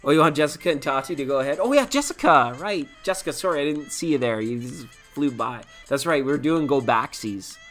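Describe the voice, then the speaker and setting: A man's voice: medium pitch, expressive, a little fast, few pauses, a bit bright, faint music behind. A man hosting a live tarot stream in casual chat, talking to viewers by name and laughing often.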